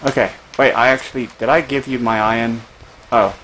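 A man's voice: mid-range voice, fairly even intonation, brisk, a bit bright, slight background noise, low-quality recording. A man chatting casually while playing a video game, rambling with restarts and whiny complaints. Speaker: gamer. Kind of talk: casual gaming chat.

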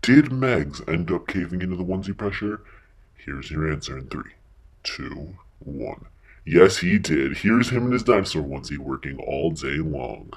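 A man with an extremely deep voice recapping in a mock announcer style. He builds suspense with a dramatic countdown before the reveal. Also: lively intonation, moderate pace.

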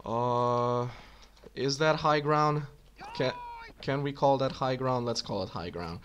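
A man's voice: medium pitch, slow pace, fairly bright tone, a little hiss or hum. A man giving casual gameplay commentary, thinking aloud with many fillers as he plays. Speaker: let's play gamer.

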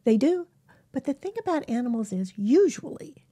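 Gentle female animal healer, somewhat high voice, warm and hushed, casual advice to camera. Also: very animated, moderate pace, breathy edge. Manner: gentle, often drops to a soft whisper. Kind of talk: casual self-help talk to camera.

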